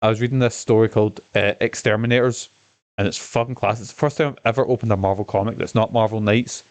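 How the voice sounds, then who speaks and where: A man's voice: on the low side, fairly even intonation, quick pace. A man chatting casually while streaming a game, enthusiastic and swearing freely. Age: adult. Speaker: gaming streamer. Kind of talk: casual gameplay commentary.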